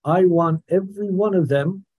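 A man teaching a Torah class in a lively lecturing manner, acting out the voices of the people he describes. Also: sits high, normal speed, husky. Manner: animated, acts out the questioner's voice.

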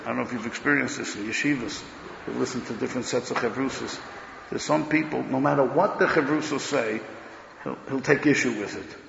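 A man giving a Torah lecture in an emphatic, loud way, swinging between declarations and muttered asides, recorded dull in an echoey hall. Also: mid-range voice, a little fast, creaky, slight background noise. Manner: talks loudly, says he is hard of hearing. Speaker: rabbi giving a Torah class.

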